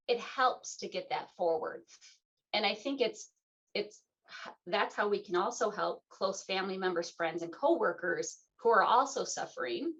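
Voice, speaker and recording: Brief: radio host, woman, middle-aged, playful conversational delivery, muffled lo-fi recording. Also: mid-range voice. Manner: animated, playful, acts out quoted voices. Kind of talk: casual conversational interview. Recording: dull lo-fi sound.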